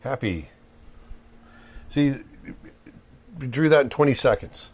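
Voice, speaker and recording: A man's voice: medium pitch, slow, breathy edge. Man teaching drawing while he sketches. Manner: relaxed, acts out emotions in bursts while drawing. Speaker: drawing instructor.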